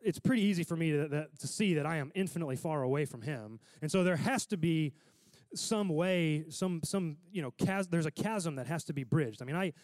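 A man's voice: fairly high pitch, lively intonation, brisk, a little mellow, no echo. A man preaching a sermon in a casual, conversational way, often checking in with his listeners.

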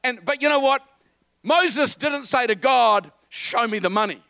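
A man preaching a lively sermon to a congregation, quoting film lines and getting the crowd to repeat after him. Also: very high-pitched, measured pace, creaky, dry recording. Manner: animated, quotes film lines and calls on the congregation.

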